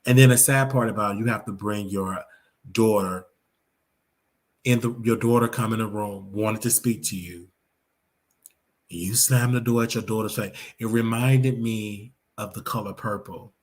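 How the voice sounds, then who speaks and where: Man, low voice, live reaction rant, emphatic, preachy. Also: steady tone, normal speed. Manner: emphatic, preachy, repeats phrases. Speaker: host of a commentary show.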